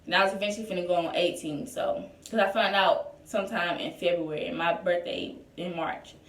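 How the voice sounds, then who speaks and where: A woman's voice: lowish voice, fairly even intonation, brisk, far from the mic. A young woman telling a personal story in a casual storytime vlog, chatty and full of "like" and "y'all". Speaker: vlogger. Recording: echoey room, voice a bit off-mic.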